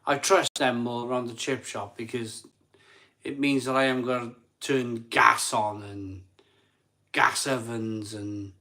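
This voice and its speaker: A man hosts a live stream in a relaxed, chatty way. He is a few beers in and worn out, so he talks slowly, rambles and repeats himself. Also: medium pitch. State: tired. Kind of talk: casual live chat reading super chats.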